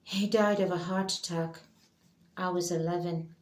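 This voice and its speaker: Weary young man, bitter and quiet, read by a woman narrator in a roomy space. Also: high-pitched, fairly even intonation, measured pace. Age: young adult. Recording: roomy echo.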